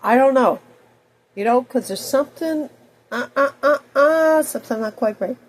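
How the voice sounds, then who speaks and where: A woman's voice: high voice, normal speed, rough recording. Woman in her fifties with a cold. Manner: digressive, swings between loud outbursts and soft mutters. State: has a cold. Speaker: video blogger. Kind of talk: rambling personal monologue.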